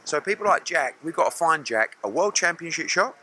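A man's voice: on the high side, very animated, a little fast, pushed and bright. A middle-aged man, a boxing promoter answering press questions bluntly and acting out other people's lines.

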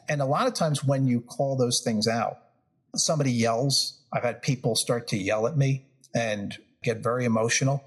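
A man's voice: mid-range voice, normal speed. A man in his fifties from New York, with a New York accent, telling negotiation stories as an interview guest and acting out the quotes. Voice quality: husky, gravelly. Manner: animated storyteller, acts out quotes. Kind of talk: storytelling interview.

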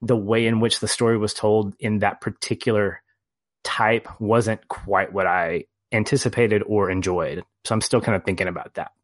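A man's voice: fairly low pitch, steady tone, normal speed, dry recording. A man co-hosting a podcast, talking about a film in a wry, hesitant way. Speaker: podcast co-host. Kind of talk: casual film review chat.

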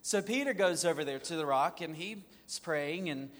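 A man as a guest, telling a personal story in an animated, self-mocking way. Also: a little high, moderate pace, in a large hall. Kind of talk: storytelling in a conversation.

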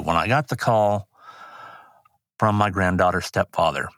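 Older male guest, rodeo announcer type, low-pitched, dry close sound, earnest storyteller. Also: unhurried, long pauses, fairly bright tone, dry recording. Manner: earnest, rambling anecdotes with restarts. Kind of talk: personal storytelling interview.

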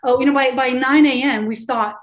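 A woman's voice: high-pitched, steady tone, brisk. A woman in her thirties, a podcast guest, talking in an earnest, encouraging way and laughing often. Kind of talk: casual interview talk. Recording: roomy echo.

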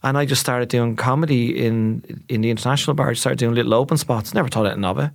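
A middle-aged Irish man chats as a comedian guest, rattling along at a brisk clip. He tells stories with animated energy and drops into little voiced asides as he goes. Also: mid-range voice, vocal fry. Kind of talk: casual chat.

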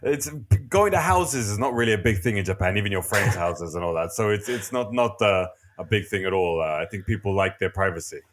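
Low-voiced man with dry wit. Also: brisk, hardly any pauses. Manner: dry, wry humor. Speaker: podcast co-host. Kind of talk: casual podcast chat.

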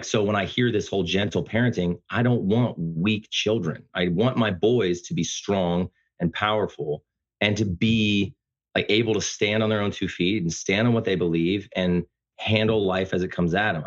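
Man, very deep voice, booming, passionate, slightly dull lo-fi sound. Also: moderate pace. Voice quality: loud booming voice. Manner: passionate, animated storytelling. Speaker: podcast guest. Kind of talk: casual conversation.

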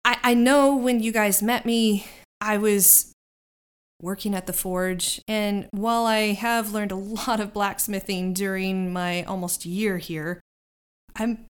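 A woman's voice: mid-range voice, steady tone, slow, clear, resonant tone, close to an everyday voice. A woman voicing an earnest young female tattoo artist who stammers and hesitates as she talks.

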